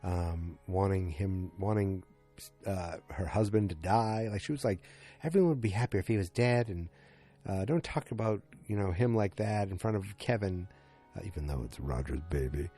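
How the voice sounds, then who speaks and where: A man's voice: low voice, moderate pace, dark tone, soft background music. A man hosting a fan podcast, recapping an episode in a rambling, casual way and acting out quotes with lots of filler words. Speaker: podcast host.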